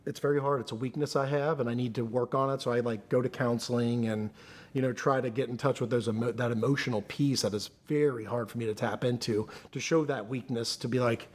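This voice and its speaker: A man's voice: medium pitch, fairly even intonation, fairly quick, darkish tone. A man speaking earnestly as a guest in an interview, often restarting his sentences as he searches for words. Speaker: podcast guest. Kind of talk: candid conversational interview.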